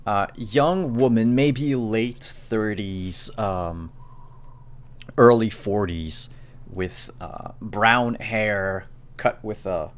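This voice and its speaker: A man's voice: on the low side, extremely slow. A man narrating as game master in a live-streamed tabletop game, hesitant and full of ums and restarts. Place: home streaming setup.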